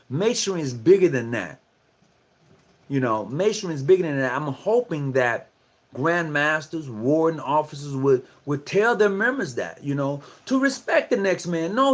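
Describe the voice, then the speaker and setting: A man giving a casual talk to fellow lodge members, repeating himself and asking rhetorical questions. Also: a little high. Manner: conversational and preachy, repeats phrases, asks rhetorical questions. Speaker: lodge speaker addressing fellow Masons. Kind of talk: casual lecture, livestream talk.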